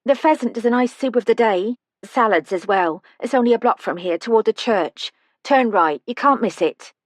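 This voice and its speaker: A woman's voice: on the high side, expressive, normal speed, dry recording, studio quality, voice pushed up. A woman narrator voicing an obliging female care-home staff member giving directions. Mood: helpful.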